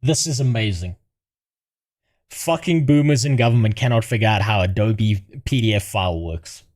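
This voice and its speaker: A man's voice: fairly low pitch, normal speed, darkish tone. Profane streamer man. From South Africa. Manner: crude, profane, laughs at his own jokes. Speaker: livestreamer. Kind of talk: casual livestream commentary.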